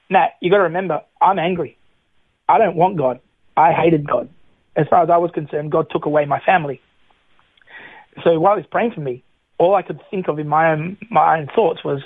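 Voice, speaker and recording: A middle-aged guest with a voice on the high side speaks briskly but pauses often while sharing his personal testimony. He acts out quoted lines in an animated way, and the audio is tinny like a phone line, with no echo.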